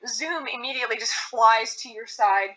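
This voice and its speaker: Bright-voiced woman narrating as game master. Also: fairly high pitch, moderate pace, low-quality recording. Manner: descriptive, repeats words while narrating.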